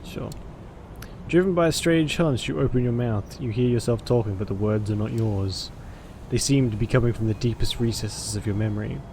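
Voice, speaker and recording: Man with a gravelly voice reading a game aloud. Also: medium pitch, moderate pace, a little mellow, a little hiss or hum. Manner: dramatic reading broken by cursing asides. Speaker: streamer playing a story game.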